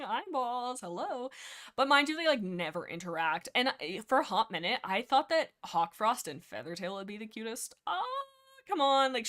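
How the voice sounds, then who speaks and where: A young woman hosts a livestream in a loose, rambling chat. She jumps from one thought to the next, and her pitch swings up and down as she gets excited. Her voice sits in an ordinary middle range. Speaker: livestream host discussing books.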